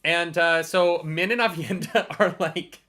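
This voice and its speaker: A book club podcast co-host chatting casually on a livestream, animated and swearing freely. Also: medium pitch, measured pace.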